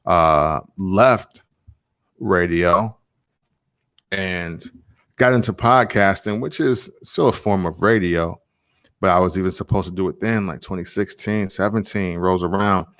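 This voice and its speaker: A man's voice: low voice, unhurried, a bit bright. A man in his thirties, a songwriter and podcaster, talking through his thoughts in a loose, rambling monologue full of slang asides. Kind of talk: reflective casual monologue.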